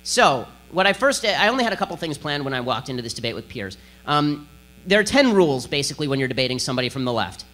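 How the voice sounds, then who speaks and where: Rapid-fire combative man. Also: on the high side, sing-song, sharp tone. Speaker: political speaker giving a lecture. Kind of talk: speech to an audience.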